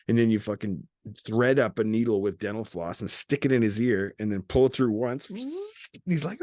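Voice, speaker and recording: A man's voice: fairly low pitch, lively intonation, brisk, a little mellow, no room sound, clean studio sound. A man hosting an unscripted chat, telling a story with lots of swearing and acting out what people said. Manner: storytelling, profane, acts out quoted voices. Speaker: podcast host.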